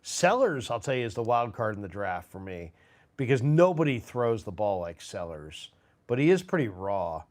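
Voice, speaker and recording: A man's voice: fairly low pitch, big pitch swings, normal speed. A man hosting a live sports stream, chatting casually and rambling with fillers and restarts. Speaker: sports show host. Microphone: phone.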